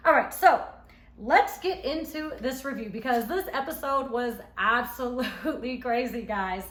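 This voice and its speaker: A woman casually recapping a reality show episode she was in, telling it in an animated, emphatic way. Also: on the high side. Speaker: reality show cast member reviewing her episode. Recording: echoey room.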